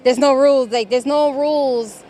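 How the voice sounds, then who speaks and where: A woman's voice: high voice, steady tone, moderate pace, mellow. A woman in a street interview speaking casually and frankly.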